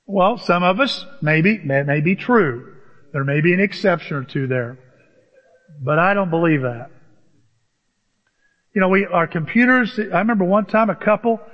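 A man preaching a sermon as pastor, conversational and humorous, rising to emphatic peaks. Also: high-pitched. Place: church. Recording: dull sound with long church reverb.

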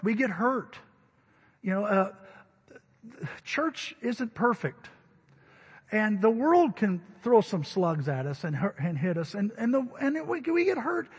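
A man preaching a sermon, telling stories in an animated way and acting out what people said, sometimes crying out. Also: sits high, slightly rough, big-room sound. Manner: animated, acts out quotes and cries out. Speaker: pastor. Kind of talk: sermon with storytelling.

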